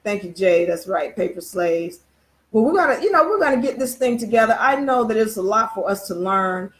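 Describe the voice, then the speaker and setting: A woman's voice: medium pitch, lively intonation, a little fast. A woman hosting a casual live-stream talk, telling a parable at a meandering pace with many fillers, restarts and rhetorical questions.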